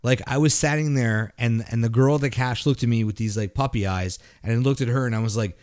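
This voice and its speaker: A man's voice: mid-range voice, quick pace, darkish tone. A man from Montreal telling a story in casual podcast chat, swearing often and restarting his sentences with lots of "like". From Canada (Montreal). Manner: profane, rambling, with frequent restarts and "like" fillers. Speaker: podcast host.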